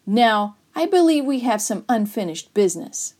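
A woman voicing a taunting older boy bully in a children's story reading, loud and mocking, a little higher than her own voice. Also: sing-song, normal speed.

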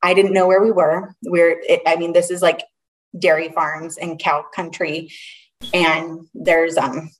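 A young adult woman telling a personal story as an interview guest, earnest and halting, often restarting her sentences. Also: lowish voice, little pitch movement. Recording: voice a little far from the mic.

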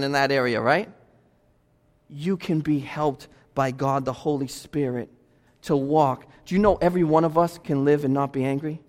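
In a sermon, a man serving as pastor leans on forceful repetition to press his points. His voice is fairly high for a man, and the sanctuary walls send back a long reverb.

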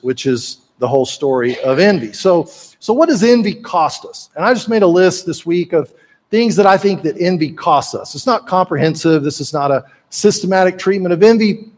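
A man delivers a sermon with a high, light voice. He preaches in a relaxed, folksy way, slipping into jokes and asides like he's chatting with the congregation. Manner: folksy, conversational preaching with joke-telling asides. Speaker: pastor.

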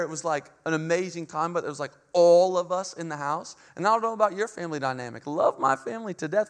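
A man's voice: high-pitched, fairly bright tone. A man in his thirties preaching a sermon as pastor, earnest and conversational, slipping into casual storytelling.

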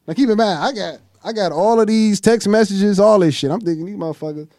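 A man, host of a chat show, telling a long story in a profane, animated way and acting out what others said. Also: high voice, brisk, dry recording, studio quality. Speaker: podcast host.

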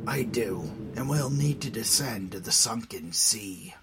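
A man voicing a grim, secretive male leader who speaks in a hushed, breathy whisper. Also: on the low side, animated, a little slow, background noise. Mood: hushed, grave.

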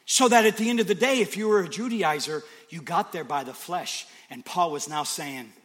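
A man preaching a sermon, swinging from hushed whispers to shouts with repetitive, emphatic phrasing. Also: a little high, moderate pace.

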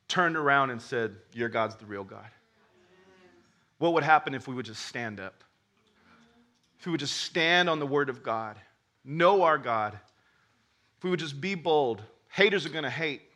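Bright, animated male preacher. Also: a little high. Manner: animated storytelling, acts out characters, laughs with the crowd; stammers when starting sentences. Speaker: pastor. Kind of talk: sermon.

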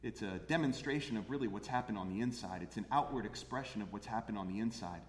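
A man's voice: on the low side, fast talker. A man preaching a sermon as pastor, earnest, repeating phrases for emphasis. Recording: echoey hall with long reverb.

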